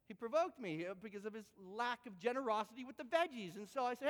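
A man preaching a sermon, telling a story with animated, expressive delivery. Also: quick pace. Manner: animated storytelling with big pitch swings. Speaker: pastor. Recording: echoey hall with long reverb.

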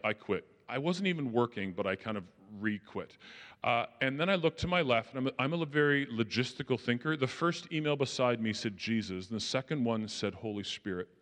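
Male speaker, mid-range voice, lively self-mocking storyteller, long reverb of a big hall. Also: medium pitch. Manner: animated, self-deprecating, quotes people with shifting voices. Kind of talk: storytelling talk to an audience.

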